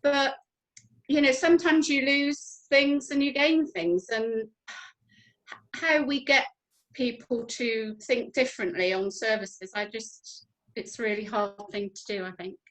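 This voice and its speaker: A woman's voice: a little high, steady tone, a little slow, fairly bright tone, low-quality recording. A woman from a church group speaking hesitantly, with many fillers, in a video call discussion. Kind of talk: casual chat.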